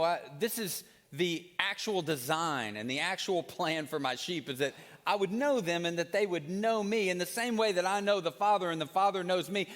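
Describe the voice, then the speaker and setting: A man's voice: a little high, fairly bright tone, big-room sound. A man preaching a sermon, telling a story with rising animation and then reading scripture aloud. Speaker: pastor.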